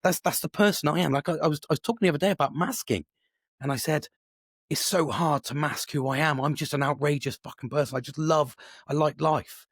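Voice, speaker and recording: A man's voice: fairly high pitch, a little fast, slightly rough, no room sound, clean studio sound. A man hosting a casual solo podcast, rambling with many restarts and frequent swearing. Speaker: podcast host.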